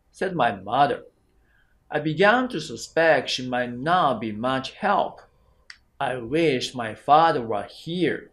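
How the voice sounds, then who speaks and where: A man's voice: medium pitch, expressive, fairly bright tone. A male exam prep teacher, reading an English exam passage aloud carefully. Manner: slow, careful read-aloud.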